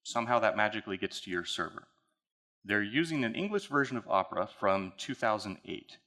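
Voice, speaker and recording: A man's voice: on the low side, big pitch swings, brisk, pushed and bright. A man speaking at a conference, walking the audience through a technical case study in a casual, conversational way. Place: conference hall.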